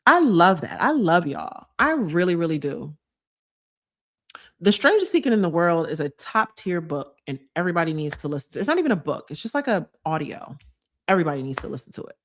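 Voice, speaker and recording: A woman's voice: fairly low pitch, fairly quick. Woman on a live stream, gushy and chatty, talks to viewers like girlfriends. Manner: gushing, animated, reads out viewer comments. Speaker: vlogger hosting a live chat. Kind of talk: casual live-stream chat.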